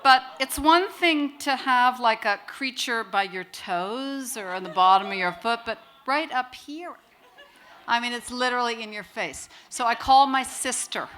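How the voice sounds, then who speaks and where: Bright-voiced woman telling a story. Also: on the high side, unhurried. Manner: lively, wry, acts out quoted voices. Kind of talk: live personal storytelling to an audience.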